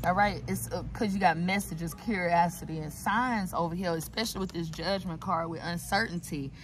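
A woman talks her viewers through a tarot reading in a loose, chatty manner, swearing freely and wandering off into asides. She is recorded outdoors, with passing vehicles clearly heard behind her voice. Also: on the low side, moderate pace, slight background noise. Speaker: tarot reader. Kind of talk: casual tarot reading vlog.

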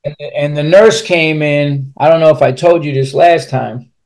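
A man's voice: fairly high pitch, fairly even intonation, moderate pace, vocal fry, a little mellow. A man with a slightly raised voice recounts his own life as a podcast guest. He speaks bluntly and profanely, rambling through his story and restarting sentences as he goes. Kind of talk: candid personal storytelling.

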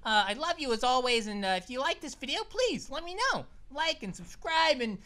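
A woman's voice: high-pitched, big pitch swings, fairly quick, exaggerated voice. A woman voicing a hyper, goofy talking grape who hosts a let's play, squealing, giggling and rambling with many restarts. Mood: mellow. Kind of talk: excited let's play commentary. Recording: loud game music behind voice. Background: loud video game music.

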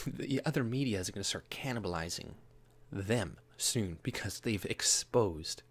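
A man with a somewhat low voice rambles through casual commentary, laughing often. He mocks others by jumping up into a higher-pitched imitation of them. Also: lively intonation, a little slow, breathy edge. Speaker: political commentary vlogger.

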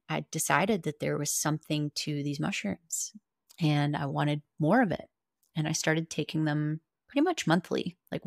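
A woman's voice: low voice, creaky, dry recording, clean studio sound. A woman guest on a podcast, earnestly and candidly telling a personal story, with casual swearing.

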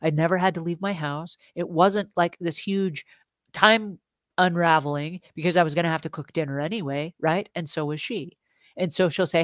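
A middle-aged woman hosting a live show, talking in a chatty, animated way and asking her audience questions. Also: fairly low pitch, normal speed, dry recording, clean studio sound. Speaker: host. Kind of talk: casual live-stream talk.

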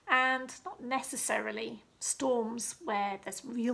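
A woman leading a children's liturgy, telling a Bible story slowly and expressively, often dropping into a hushed whisper and asking the children questions. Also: a little high, gravelly. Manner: asks the listener questions, slow and expressive.

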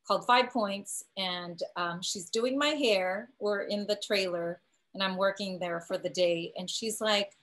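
A woman, an actor, telling a story on a video call in a lively way that acts out other people's voices. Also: medium pitch, unhurried, low-quality recording. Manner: animated, acts out quoted voices. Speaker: actor and cast member. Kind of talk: casual storytelling on a panel.

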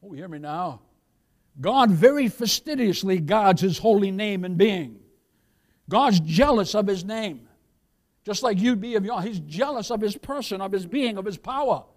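Man preaching a sermon, high voice, gets loud and emphatic, calls out to the church. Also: animated, moderate pace. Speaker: pastor.

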